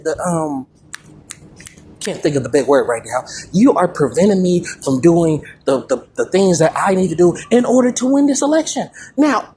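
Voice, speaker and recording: A woman riffs through an improvised comedic rant, playing an aggrieved leader who lectures and scolds. Her delivery rambles and loops back on itself with stammered restarts. Her voice sits at an ordinary middle pitch, and a faint background hiss runs under it. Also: darkish tone. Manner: indignant, lecturing. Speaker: comedian playing a head of state.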